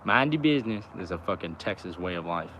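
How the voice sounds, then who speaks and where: A young man with a lowish voice talks in a loose, rambling way, swearing freely and leaning on fillers. He is outdoors by a road, with faint traffic noise behind him. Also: lively intonation, fast. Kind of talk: casual rambling chat.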